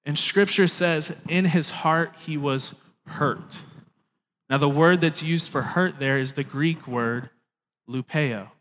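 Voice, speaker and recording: A man's voice: on the high side, unhurried, few pauses, a bit bright. Young male preacher in a reverberant hall. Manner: conversational, jokey asides to the congregation. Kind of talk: sermon.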